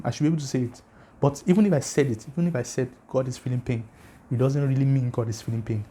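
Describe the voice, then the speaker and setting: Mellow-voiced man arguing emphatically. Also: mid-range voice. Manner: emphatic, challenging, rhetorical questions; addresses viewers directly, asks for comments. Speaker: religious channel host. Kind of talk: casual argumentative lecture to camera.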